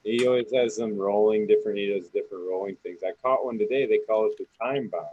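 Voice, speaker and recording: A man's voice: fairly low pitch, steady tone, quick pace, no echo, narrow, tinny audio. A man chatting casually on a podcast, rambling, swearing and laughing as he talks. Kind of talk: casual chat.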